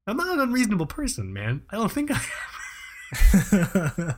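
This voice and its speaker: A man's voice: sits high, wildly swooping pitch, moderate pace, a little hiss or hum. A man co-hosting a podcast, ranting in a profane, exasperated way and laughing often. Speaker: podcast co-host. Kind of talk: casual podcast chat.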